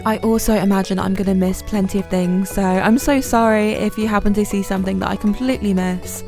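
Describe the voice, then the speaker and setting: A woman's voice: medium pitch, fairly even intonation, a little fast. A woman giving chatty, self-deprecating commentary over her gameplay, with plenty of ums. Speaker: gaming channel host. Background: soft game music.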